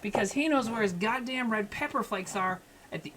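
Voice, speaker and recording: A man's voice: high voice, lively intonation, brisk, noisy background. A man chatting casually with his livestream chat while he cooks, rambling and swearing, joking at his own expense. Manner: rambling, profane, self-mocking banter with chat. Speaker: streamer cooking live.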